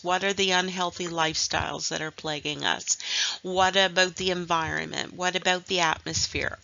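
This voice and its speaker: A woman in her fifties from Canada records a voice-over lecture, explaining things in a chatty, conversational way with frequent asides. Her voice is bright and a little low in pitch. The sound is dull and lo-fi. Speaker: nursing instructor.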